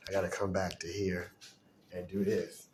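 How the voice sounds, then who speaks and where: A man's voice: low-pitched, moderate pace. Man telling a story in an echoey room. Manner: animated, acts out quotes, laughs often. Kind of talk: casual anecdote storytelling. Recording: echoey room, distant mic, steady noise.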